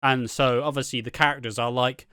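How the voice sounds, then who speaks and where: A man chats loosely about soap storylines, wandering through his points and swearing freely. His voice is smooth and clear, recorded close and dry with no room sound. He sits at a middling pitch for a man. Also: fairly even intonation, brisk, pushed and bright, no echo. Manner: rambling, swears freely, acts out quotes. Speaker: soap opera commentator. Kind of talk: casual chat.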